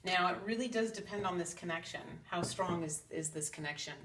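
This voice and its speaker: A woman's voice: on the low side, fairly quick, a bit bright. A woman casually talking to camera about spiritual ideas in an earnest, chatty way, slipping into quoted asides. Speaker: psychic channel host. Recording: roomy echo, from a distance.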